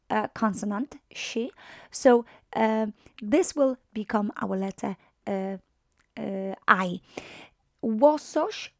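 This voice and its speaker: Slow, patient woman teacher. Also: fairly high pitch, no room sound, clean studio sound. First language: Polish. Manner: patient, explains step by step with many fillers; checks in often with "right?". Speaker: language teacher. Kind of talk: online language lesson.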